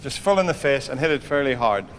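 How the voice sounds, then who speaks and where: A man's voice: mid-range voice, lively intonation, fast, very noisy. A man with an Irish accent telling jokes and chatting with a live audience between trick shots. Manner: chatty, joking, teasing the audience. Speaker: comedian and snooker entertainer.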